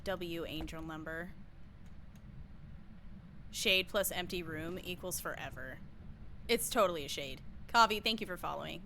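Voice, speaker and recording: A woman's voice: fairly low pitch, measured pace, long pauses, noisy background. A young woman streaming a game, chatting casually with her viewers and shrieking and laughing at mishaps. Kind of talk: casual live-stream chat while gaming.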